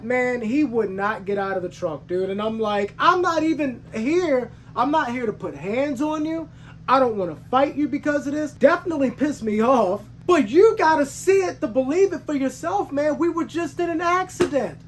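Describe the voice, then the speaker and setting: A man's voice: extremely high pitch, expressive, normal speed, a little hiss or hum. Heated male trucker telling a story. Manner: heated, emphatic retelling with slangy asides; frequent restarts and self-corrections. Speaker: truck driver and channel host. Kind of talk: casual storytelling to camera.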